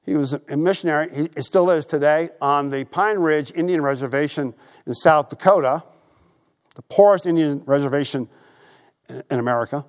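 Male pastor, fairly high voice, chatty animated sermon, repeats phrases, church sanctuary. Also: normal speed.

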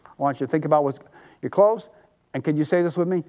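A male pastor preaching a sermon, animated and drawing the congregation to answer back. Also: sits high, brisk, vocal fry.

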